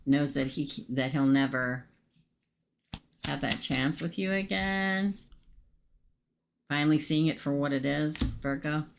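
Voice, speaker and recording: A woman's voice: sits low, takes it slowly, creaky, long pauses, a little hiss or hum. A woman doing a casual live tarot reading, naming cards and chatting with viewers about their questions. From United States. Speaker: tarot reader.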